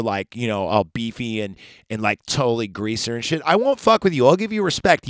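A man talks through a film recap in a loose, profane podcast style. He keeps wandering off into heated rants before he comes back to the story. His mid-pitched voice sounds close and dry, with no room echo. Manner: profane, rambling, ranting asides. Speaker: podcast host. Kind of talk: casual movie recap podcast.

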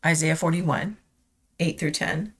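Slow, tender woman devotional host. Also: low-pitched, a bit bright, slightly rough. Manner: slow, tender and confessional, near tears. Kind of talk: personal devotional reflection and scripture reading.

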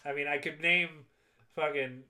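Male podcast co-host, animated and profane, bright sharp tone, fairly high. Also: normal speed. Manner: excitable, profane, acts out quotes. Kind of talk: casual movie recap chat.

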